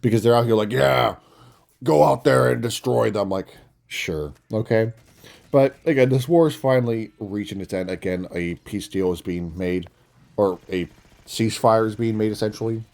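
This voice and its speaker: A man's voice: lowish voice, normal speed, a little mellow. A young man ranting casually and bluntly into his phone, swearing often and making mocking asides. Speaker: commentator. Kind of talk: casual political rant.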